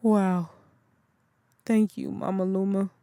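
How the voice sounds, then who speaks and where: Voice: mid-range voice, flat delivery, slow pace, dark tone, smooth, dry recording. A reader voicing an earnest young woman in an audiobook who asks questions with eager feeling. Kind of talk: audiobook character voice.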